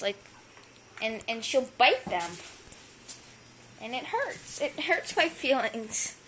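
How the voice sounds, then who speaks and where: Young woman, casual pet vlog, playful and giggly, high and swooping voice, phone recording at home. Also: pushed and bright, slight background noise, rough recording. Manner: playful, giggly, talks to her pets in silly sound effects. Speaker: vlogger filming her pets. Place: home indoors. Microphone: phone camera.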